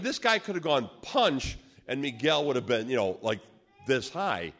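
Guy preaching a story, really lively up-and-down voice, does all the voices himself. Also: medium pitch, normal speed. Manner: animated storyteller who acts out quoted voices. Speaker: preacher telling a testimony. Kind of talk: sermon storytelling.

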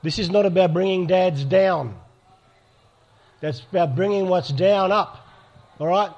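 In a muffled recording, a man whose voice sits high with a darkish tone speaks unhurriedly at a church conference. He leads a live workshop, pastoral yet direct, and asks the audience for a show of hands.

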